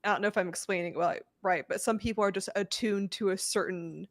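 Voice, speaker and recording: A young woman on a podcast, explaining slowly and searching for the right words. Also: mid-range voice, dry recording, studio quality. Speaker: podcast co-host. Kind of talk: casual podcast chat.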